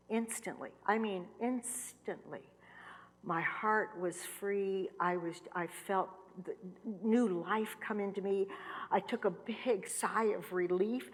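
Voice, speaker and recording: A middle-aged woman giving an earnest personal testimony, repeating phrases for emphasis and dropping to hushed tones. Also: mid-range voice, takes it slowly. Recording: long reverb of a large hall.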